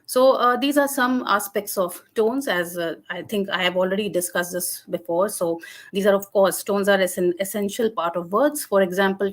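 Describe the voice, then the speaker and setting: Woman lecturer, webinar, mid-pitched voice, hesitant explaining with frequent fillers. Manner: hesitant, many fillers and restarts. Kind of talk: academic lecture.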